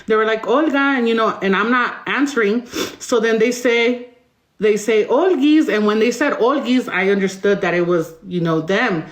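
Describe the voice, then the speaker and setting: A woman's voice: mid-range voice, normal speed, low-quality recording. A woman telling her own hard story as an interview guest, emotional and rambling, swearing often. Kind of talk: raw personal storytelling.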